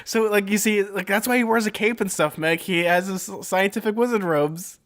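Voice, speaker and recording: A young man co-hosts a casual chat and rambles through a story with jokes and fillers. His voice sits a bit high for a man. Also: moderate pace, fairly bright tone. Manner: rambling, jokey, many fillers. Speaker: podcast co-host.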